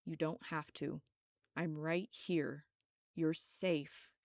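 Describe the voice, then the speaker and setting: A protective young man reassures a frightened friend, as a woman narrator voices him. The voice is low and gravelly with vocal fry. Audiobook reading, dry and close. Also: steady tone, extremely slow, darkish tone, no echo, heavily acted. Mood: soothing. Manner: urgent, then soothing.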